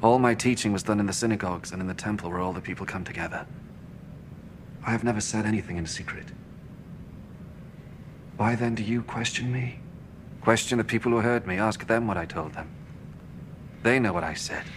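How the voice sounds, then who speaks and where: An actor playing Jesus as a calm adult teacher in an audio Bible drama, speaking in a measured, reasoning way. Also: male voice, lowish voice, noisy background, natural voice.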